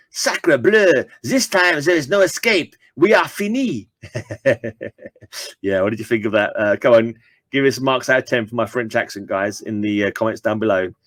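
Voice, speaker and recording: A man's voice: mid-range voice, fairly bright tone, no echo. A man reading an old comic book aloud and dropping chatty asides to his viewers. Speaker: comic book reader and channel host.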